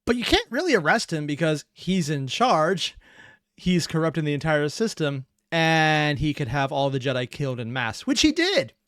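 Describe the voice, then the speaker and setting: A man hosting a reaction video, rambling excitably in casual commentary. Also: on the high side, moderate pace, dry recording. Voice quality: rambling, excitable, laughs often.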